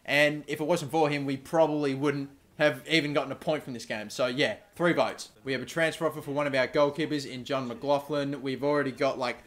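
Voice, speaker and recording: A young man commentating his football video game. He gets excitable, swears and yells at his players. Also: fairly high pitch. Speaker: gaming YouTuber. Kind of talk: gameplay commentary.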